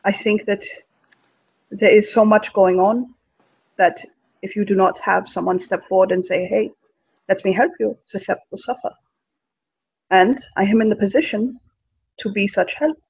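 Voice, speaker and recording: High-voiced man with a gravelly, husky edge, earnestly pitching himself in a tabletop game, close and dry. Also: steady tone, no echo, poor audio. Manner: earnest, halting pitch with fillers. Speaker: player. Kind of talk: in-character tabletop role-play.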